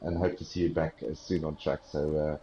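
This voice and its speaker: South african guy doing race commentary, gets excited fast, lots of ums, echoey dull audio. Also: slight background noise. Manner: excitable play-by-play caller, rising pitch on action, frequent fillers. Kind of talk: live esports race commentary.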